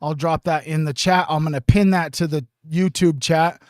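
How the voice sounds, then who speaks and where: A man hosting a casual livestream, rambling with many restarts, swearing and often clearing his throat. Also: on the high side, fairly even intonation, normal speed, no room sound, clean studio sound. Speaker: livestream host. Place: home streaming setup.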